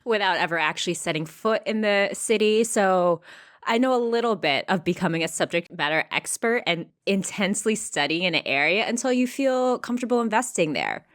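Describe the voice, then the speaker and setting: A woman co-hosting a podcast in playful, lively casual chat. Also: medium pitch, fairly quick. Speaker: podcast co-host.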